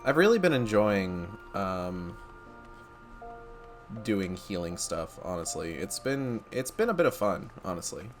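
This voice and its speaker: A man's voice: low voice, sing-song, a little slow, faint music behind. A man streaming a game, chatting casually, joking and swearing as he plays. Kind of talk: casual gameplay commentary.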